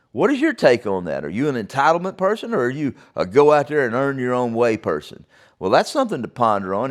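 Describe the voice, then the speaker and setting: Folksy older man with lively pitch. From Oklahoma. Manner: folksy, rambling storyteller. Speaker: podcast host. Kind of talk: solo reflective talk.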